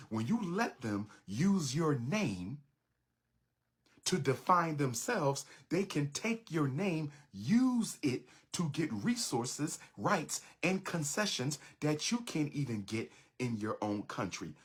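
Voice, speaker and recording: A middle-aged man lecturing with fervor, hammering his points through repetition in a preacher's rhythm. His voice is husky, and his pitch swings widely as he drives each line home. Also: big pitch swings, takes it slowly. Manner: emphatic, repetitive preaching cadence. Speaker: public speaker. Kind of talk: impassioned lecture.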